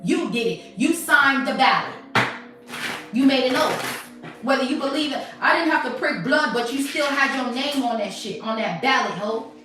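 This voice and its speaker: Profane, combative high-voiced woman in an echoey room. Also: moderate pace, pushed and bright. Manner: profane, confrontational, scolding viewers. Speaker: tarot reader. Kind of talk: livestream tarot reading and rant. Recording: very echoey room, voice from a distance, faint music.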